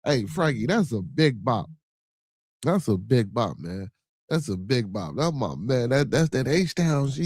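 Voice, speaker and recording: A middle-aged Chicago man hosts a live podcast, reading viewer comments and chatting loosely, laughing, swearing and repeating himself. His mid-range voice swings widely in pitch and moves unhurriedly, with a darkish, slightly rough tone. The studio-quality recording has no room sound.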